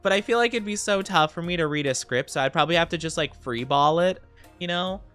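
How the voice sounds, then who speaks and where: A young woman with a smooth, clear voice chats through a live stream in a relaxed, slightly tired way. She is a touch low for a woman, greets viewers as their comments come in and giggles often. Soft game music plays faintly behind her. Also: brisk. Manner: chatty, reads viewer comments aloud and greets them, giggly. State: a little tired. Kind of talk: casual live-stream chat.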